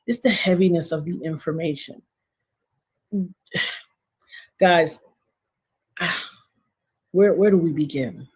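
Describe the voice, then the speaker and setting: A middle-aged woman hosting a livestream, talking straight to her viewers in an animated, emphatic way, with slang and repeated phrases. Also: fairly low pitch, extremely slow, long pauses, husky. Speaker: livestream host. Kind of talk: casual livestream commentary.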